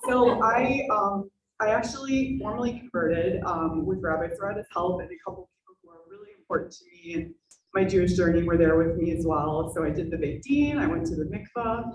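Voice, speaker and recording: A woman's voice: fairly low pitch, a little fast, lo-fi sound. A woman telling her own story to an audience in a synagogue hall, earnest and laughing often between fillers. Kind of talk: personal testimony to an audience. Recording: roomy hall, distant mic, noisy.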